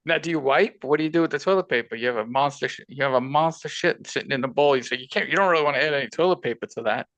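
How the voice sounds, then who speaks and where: A man's voice: mid-range voice, rapid-fire, few pauses, fairly bright tone, dry recording. A man hosting a casual sports betting podcast, bantering and joking crudely with his co-host.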